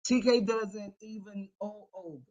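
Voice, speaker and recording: On a casual livestream, a woman goes through viewer comments, talking in an animated, everyday way, laughing a lot and repeating herself often. Her unhurried voice sits at a medium pitch, and the recording sounds muffled.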